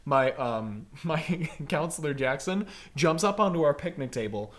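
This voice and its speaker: Animated man telling a rambling story. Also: a little high, moderate pace. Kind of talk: casual chat storytelling.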